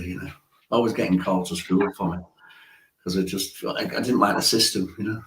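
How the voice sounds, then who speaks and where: A man's voice: sits low, steady tone, fairly quick, fairly bright tone, a little hiss or hum. A man, a musician telling stories in a casual interview and chuckling often. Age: 60s. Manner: chatty storyteller, chuckles often. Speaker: musician guest. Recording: roomy echo.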